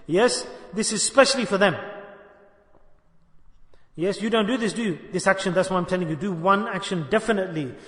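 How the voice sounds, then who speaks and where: A man's voice: high voice, fairly quick, pauses often, a bit bright. A man preaching a sermon to a dhikr gathering, earnest and repetitive, questioning his listeners and mixing in Arabic devotional phrases. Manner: earnest, repeats phrases, asks the audience questions. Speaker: Sufi sheikh teaching a dhikr gathering. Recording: echoey hall with long reverb.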